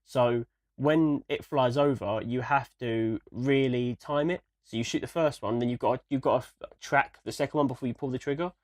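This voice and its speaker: A man's voice: mid-range voice, normal speed, a little mellow, no echo. A young man, co-hosting a casual podcast in an easygoing, explaining way. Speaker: podcast co-host. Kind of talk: casual chat.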